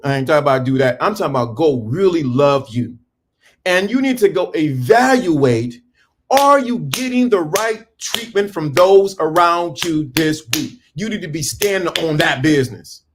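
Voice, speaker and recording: A man's voice: a little high, lively intonation, normal speed. A middle-aged man giving a preachy, emphatic talk to viewers on a livestream, breaking off and restarting while he dresses. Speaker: livestream host. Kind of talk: casual motivational livestream talk. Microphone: phone or camera on a stand.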